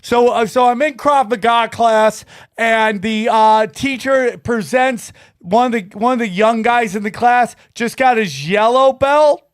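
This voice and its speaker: High-voiced man telling crude stories. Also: measured pace, no echo, clean studio sound. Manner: loud, rambling, crude storytelling. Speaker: podcast host. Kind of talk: casual comedic chat.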